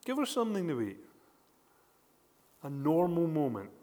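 A man preaching a sermon, retelling scripture with animated storytelling and frequent rhetorical questions. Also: on the high side, moderate pace, in a large hall.

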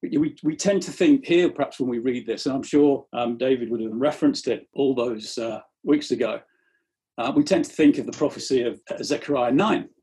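A man's voice: medium pitch, brisk, dark tone. A man preaching a sermon in an earnest tone, often repeating the first words of a phrase as he starts it.

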